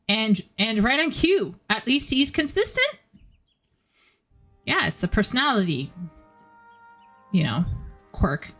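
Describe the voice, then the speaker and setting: Woman, casual gamer chat, rambling, lots of fillers, mid pitch, faint music behind. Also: sing-song, slow, pauses often, fairly bright tone. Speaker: gamer reading game dialogue aloud. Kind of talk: casual let's-play chat.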